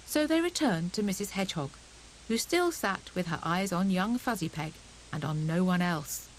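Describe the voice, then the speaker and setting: A woman narrating a children's storybook audiobook in a gentle, expressive storytelling manner. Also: lowish voice, normal speed, a little hiss or hum, low-quality recording.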